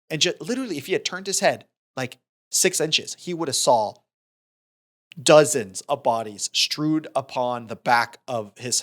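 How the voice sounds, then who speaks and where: A man co-hosting a podcast in casual film discussion, retelling scenes in an animated way with many restarts. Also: mid-range voice. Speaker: podcast co-host.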